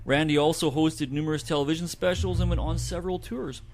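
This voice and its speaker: A man's voice: on the high side, steady tone, quick pace, darkish tone. A man co-hosting a community radio show, reading a report aloud with light asides. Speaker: co-host presenting a report.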